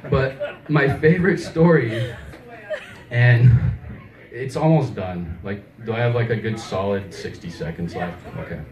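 A man's voice: mid-range voice, measured pace, darkish tone. A man doing a rambling, self-deprecating open mic stand-up set in a small comedy club, chuckling as he goes. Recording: echoey club, mic far off.

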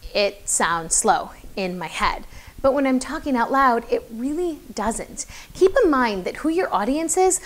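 A young woman coaching public speaking in a chatty, encouraging way, with lots of fillers. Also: a little high. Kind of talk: casual advice video to camera.

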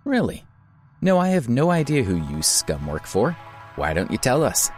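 A man voicing a calm young hero who speaks coolly and cuttingly. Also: medium pitch, normal speed, faint music behind, voice pushed up. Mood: mocking.

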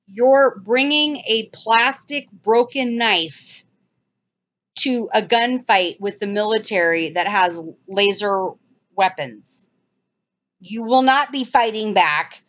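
Woman ranting over clips, urgent and mocking, does high silly voices, muffled recording. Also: takes it slowly, a bit bright. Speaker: channel host. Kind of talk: casual commentary over video clips. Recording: dull lo-fi sound.

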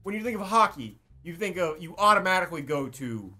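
A woman's voice: fairly low pitch, lively intonation, brisk, sharp tone, soft background music. A young woman guessing along in a casual game with her siblings, blunt and swearing. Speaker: sibling guest.

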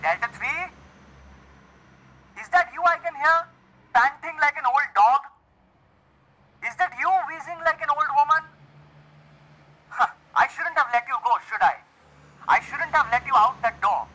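A man's voice: extremely high pitch, expressive, measured pace, pauses often, sharp tone, slight background noise, heavily acted, low-quality recording. A man playing a mocking radio supervisor. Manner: mocking, needling. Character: taunting male supervisor calling over radio. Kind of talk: student stage drama.

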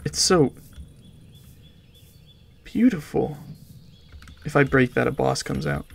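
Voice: mid-range voice, huge pitch swings, slow, gravelly. A gaming video creator giving rambling, casual commentary over gameplay, with muttered asides that drop to whispers.

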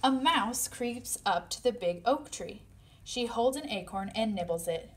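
A woman reading a picture book aloud to children, playfully voicing the animal sounds with high squeaks and yips. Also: lively intonation, measured pace, slight background noise. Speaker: storybook reader.

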